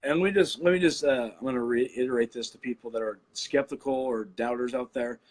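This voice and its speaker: A man's voice: medium pitch, a little fast. A man co-hosting a podcast, talking politics in a blunt, profane way. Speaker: podcast co-host. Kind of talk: casual political chat.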